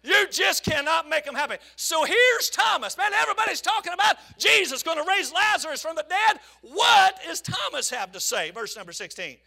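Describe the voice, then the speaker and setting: A man preaching a sermon in a very high, gravelly voice that keeps breaking into shouts. His tone is piercingly bright and sharp, and he moves between reading scripture and telling folksy stories. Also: normal speed, few pauses. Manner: animated, shouting bursts and storytelling asides.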